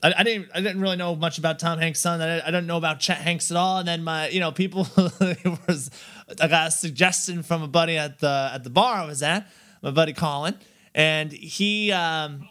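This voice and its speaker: A man's voice: fairly high pitch, steady tone, moderate pace, bright, forceful tone. A man co-hosting a podcast in casual chat, rambling and restarting his sentences, laughing often. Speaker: podcast co-host.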